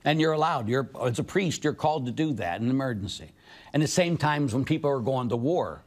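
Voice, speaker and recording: A man's voice: mid-range voice, animated, brisk. A man, a priest, answering audience questions and telling stories, acting out the people he quotes.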